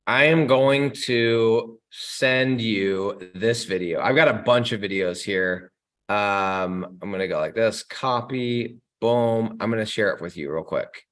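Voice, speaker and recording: A young adult man hosting a casual live Q&A stream, answering chat questions with energetic, slangy talk aimed straight at his viewers. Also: lowish voice, slow pace.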